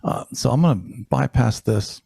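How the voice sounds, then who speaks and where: Gravelly-voiced man demoing mixing gear. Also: mid-range voice, moderate pace, mellow, no room sound, clean studio sound. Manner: casual, rambling with restarts and fillers. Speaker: audio engineer instructor. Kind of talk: live-streamed technical demonstration. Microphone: handheld dynamic mic moved near and far.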